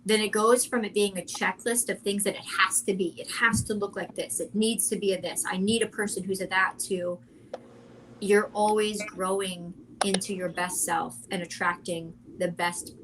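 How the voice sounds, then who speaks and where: Woman panelist, coaching type, earnest and animated, round-table chat. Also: mid-range voice, normal speed, slight background noise, low-quality recording. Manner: earnest, animated, wanders into asides. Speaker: podcast panelist who coaches clients.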